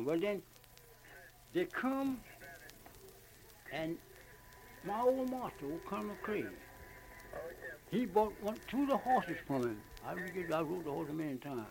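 An old man with a Southern US drawl and a gravelly voice, pitched a bit high for a man. He rambles and repeats himself as he tells his memories. It is heard through the heavy hiss of an old archival tape. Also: animated, a little mellow. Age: older. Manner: rambling, repetitive, halting. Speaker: interviewee recounting memories. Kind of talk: oral history reminiscence. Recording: noisy old archival recording.

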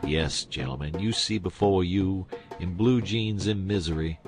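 A man's voice: deep voice, unhurried, music in the background. A man playing a sly, sobbing old con-man king. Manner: folksy, sobbing, rustic grammar.

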